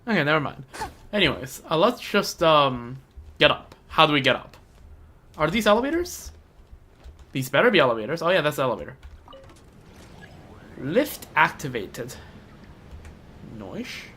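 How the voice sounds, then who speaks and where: A man's voice: fairly high pitch, big pitch swings, moderate pace, pauses often, bright, forceful tone, slight background noise. Stammering young man doing game commentary. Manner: rambling, stammers and repeats words. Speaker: streamer playing a game. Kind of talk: casual gameplay commentary.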